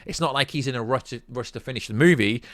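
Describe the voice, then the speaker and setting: A young British man hosting a casual film news vlog, sarcastic and animated, rambling as he debunks a story. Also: medium pitch, fast talker, no room sound. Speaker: YouTube film news host.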